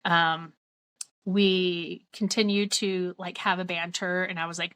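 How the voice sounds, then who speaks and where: A woman's voice: lowish voice, flat delivery, a little slow, a bit bright, clean tone. A woman vlogger earnestly telling a personal story, quoting both sides of a conversation as she goes.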